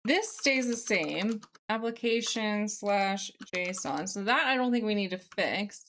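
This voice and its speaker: A young woman live streaming as she codes, reading chat aloud and thinking out loud with many fillers. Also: medium pitch, lively intonation, measured pace. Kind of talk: casual live-stream chat while coding.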